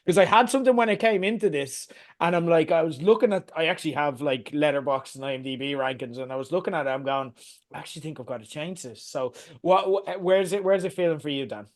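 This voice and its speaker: A man hosting a podcast in casual chat, laughing often and steering the talk with questions. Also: on the high side. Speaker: podcast host.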